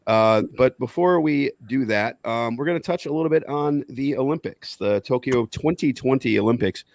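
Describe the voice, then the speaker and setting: A man's voice: medium pitch, normal speed. A man hosting a casual podcast chat, jokey and riffing. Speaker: podcast host.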